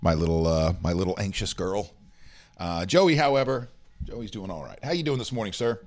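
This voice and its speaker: A man's voice: deep voice, moderate pace. A man hosting a casual news chat show, rambling through stories with many fillers. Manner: rambling, rough news rundown full of fillers. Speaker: host.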